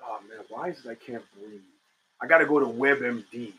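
A man's voice: medium pitch, moderate pace, sharp tone, poor audio. A middle-aged man hosting a talk show, rambling and swearing as he reads chat and answers it. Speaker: podcast host. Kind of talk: casual talk show monologue.

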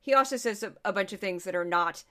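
A woman's voice: mid-range voice, fast talker, bright, forceful tone. A woman hosting a podcast, commenting casually and sarcastically on news clips, with frequent restarts and asides. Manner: sarcastic, rambling, many restarts. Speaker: podcast host.

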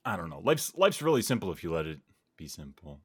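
Low-voiced man musing in podcast chat. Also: sing-song, fairly quick, breathy edge, no echo, clean studio sound. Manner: reflective, earnest, musing aloud with many fillers. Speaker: podcast guest or host.

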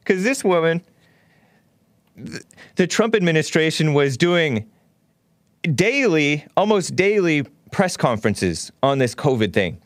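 A man's voice: on the high side, sing-song, unhurried, pauses often, no room sound, clean studio sound. A male talk show host delivering an opinionated monologue in a scornful, ranting way, with mocking laughs.

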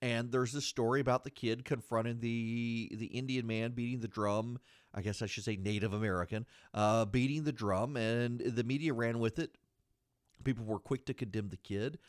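A man's voice: mid-range voice, fairly even intonation, moderate pace, no echo. Indignant male political commentator, dry sound. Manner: indignant, argumentative, repeats phrases for emphasis. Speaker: podcast host.

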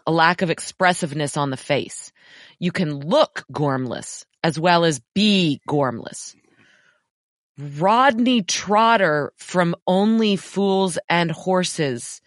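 Woman, podcast co-host, lowish voice, dry close sound, wry and blunt. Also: no room sound. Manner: wry, blunt, reads letters aloud with asides. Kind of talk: casual chat, reading listener letters.

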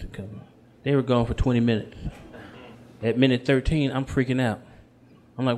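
A man's voice: mid-range voice, fairly even intonation, normal speed, darkish tone, slight background noise. A man performing live stand-up comedy, telling a long story with punchlines. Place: comedy stage at a live show.

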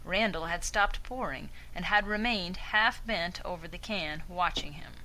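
Bright-voiced woman reading aloud. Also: lowish voice, a little slow, a little hiss or hum, poor audio. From Canada. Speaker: student. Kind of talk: reading a story aloud as narrator.

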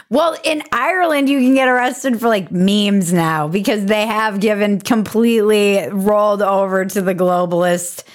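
A woman's voice: mid-range voice, unhurried. A woman hosting a comedic political commentary show, sarcastic and irreverent, laughing often. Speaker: host.

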